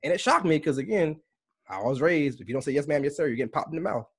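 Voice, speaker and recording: A man from the United States, a podcast guest, telling stories in casual chat and acting out the quotes with lively energy. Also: on the high side, fast talker, breathy edge. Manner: animated storytelling with acted-out quotes.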